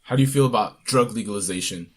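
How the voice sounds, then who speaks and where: A young man co-hosting a podcast in casual chat, relaxed and animated, swearing freely. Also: lowish voice, fast, breathy edge. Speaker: podcast co-host.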